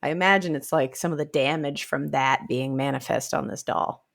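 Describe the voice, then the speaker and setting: Chatty woman with a low voice. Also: moderate pace, vocal fry. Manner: chatty, laughs often. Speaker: podcast co-host. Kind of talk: casual book club chat.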